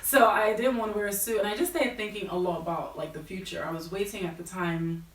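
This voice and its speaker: A woman's voice: mid-range voice, steady tone, fast. A woman in her thirties with an American accent, a guest telling her career story in a casual, chatty way full of fillers. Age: 30s. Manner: chatty, many fillers like "like" and "you know". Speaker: guest fashion buyer. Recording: roomy and distant.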